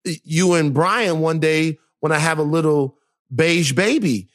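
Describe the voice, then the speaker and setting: A man's voice: a little high, a little slow. A young man co-hosting a podcast, telling stories playfully and animatedly, with lots of fillers. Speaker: podcast co-host. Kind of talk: casual podcast chat.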